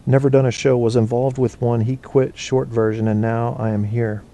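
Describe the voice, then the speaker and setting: A man's voice: medium pitch, little pitch movement, normal speed, warm tone. A man hosting a casual live internet show, answering chat in a rambling, profane, think-aloud way. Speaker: internet radio host.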